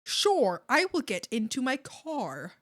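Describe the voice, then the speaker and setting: A Canadian woman streamer chatting casually with viewers while she draws, giggly and animated, often laughing. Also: fairly high pitch, slow.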